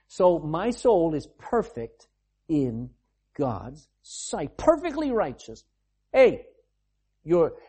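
A man preaching a sermon in an animated, conversational way, with asides to the congregation. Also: fairly high pitch, husky.

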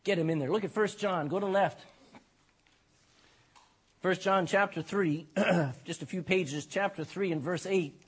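A man's voice: sits high, unhurried, long pauses, breathy edge. A man preaching a sermon in an emphatic style, often tagging lines with "amen" and asking the congregation questions. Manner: emphatic, repeats "amen" and "you know". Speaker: pastor.

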